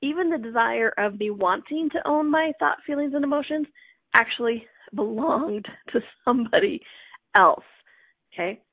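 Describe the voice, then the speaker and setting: A middle-aged woman talks through a casual self-help session, laughing often and slipping into little acted-out inner voices. Her voice sits a bit high with a gravelly edge. The sound is thin and phone-like, dry and close. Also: expressive, moderate pace, dry recording. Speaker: host. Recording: tinny phone-like audio.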